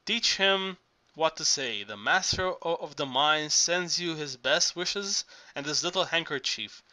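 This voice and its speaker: A man's voice: on the high side, lively intonation, unhurried, pushed and bright, heavily acted. A man reading an audiobook aloud, voicing an earthy, boisterous older Greek working man who talks urgently and coaxingly, stumbling and restarting as he goes.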